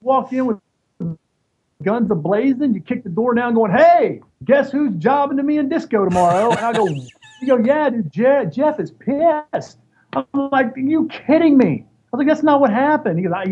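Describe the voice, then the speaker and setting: A man's voice: very high voice, breathy edge. A man telling stories as an interview guest, acting out the other people's voices as he goes. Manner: animated storyteller acting out quoted voices. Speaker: interview guest, former wrestler. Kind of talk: casual storytelling. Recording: dull lo-fi sound with faint noise.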